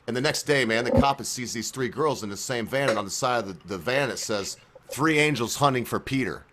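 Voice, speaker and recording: A man hosting a casual online chat, telling crude jokes and laughing loudly. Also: mid-range voice, a little fast, slight background noise. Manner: loud laughing, lively storytelling. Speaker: host.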